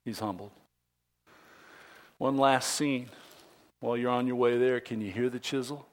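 A man pastor preaching a sermon, dramatic, dropping to whispers and rising to loud emphasis. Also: medium pitch, fairly even intonation, a little slow.

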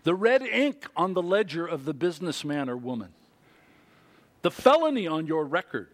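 A middle-aged man preaching a sermon as pastor, animated and full of rhetorical questions to the congregation. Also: on the high side, normal speed.

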